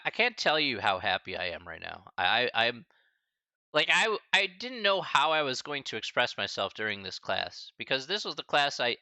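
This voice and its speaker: A man teaching a math class on a live stream, saying goodbye to his students in a halting, emotional and casual way, often calling them buddy and man. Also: medium pitch, sharp tone, no room sound. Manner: halting and choked up, many restarts and sighs; casual, friendly, calls listeners buddy and man. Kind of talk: emotional farewell talk to a live stream chat.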